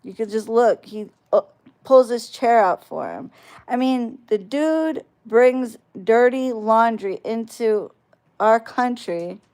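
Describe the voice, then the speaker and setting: Woman vlogger on a mocking, cussing rant; unhurried delivery, clean resonant tone. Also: a little high, animated, darkish tone. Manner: profane, combative, mocking. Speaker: video channel creator. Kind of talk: ranting vlog.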